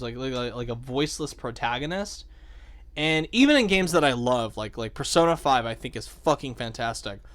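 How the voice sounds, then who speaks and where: A young man chatting excitedly about a video game, swearing and saying "like" a lot as the show's host. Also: medium pitch. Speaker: podcast host. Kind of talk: casual game discussion.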